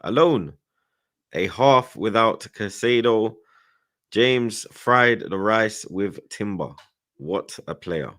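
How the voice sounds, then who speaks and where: Deep-voiced guy talking trash, loud street slang. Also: animated, slow. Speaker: football podcast panelist. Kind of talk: casual chat.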